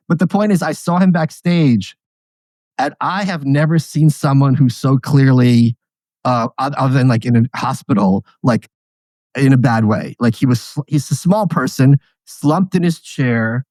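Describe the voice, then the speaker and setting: Animated male storyteller, dry close mic. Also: mid-range voice, unhurried, no room sound. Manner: animated storyteller, laughing at his own anecdotes. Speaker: podcast guest. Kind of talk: casual interview conversation.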